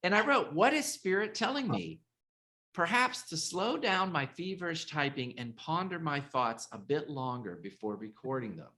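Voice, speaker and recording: Animated, halting speaker with lively pitch. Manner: halting, repeats words, emotional and animated. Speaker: podcast host and author. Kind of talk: casual interview conversation.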